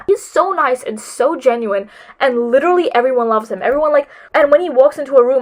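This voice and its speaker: A teenage girl vlogs advice to her viewers in a high, fast voice. She gushes and rambles with lots of filler words, emotional and close to tears.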